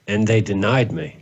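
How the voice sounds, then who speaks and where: A man's voice: on the low side, husky, highs cut off. A man co-hosting a livestream over a video call, telling stories in an offhand, wry way. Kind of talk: casual livestream chat.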